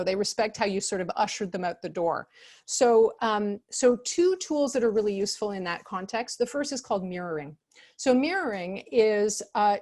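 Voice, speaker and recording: A woman presenting as an expert in an online workshop, speaking calmly and conversationally with many fillers, acting out example phrases in changed tones. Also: fairly high pitch. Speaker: expert speaker on customer service.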